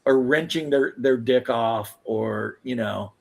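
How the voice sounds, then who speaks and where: A man chats casually and rambles along, leaning on "like" and "you know" as he goes. His pitch is ordinary and middle of the range. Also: takes it slowly, creaky. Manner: loose, rambling, filler-heavy talk. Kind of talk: casual chat.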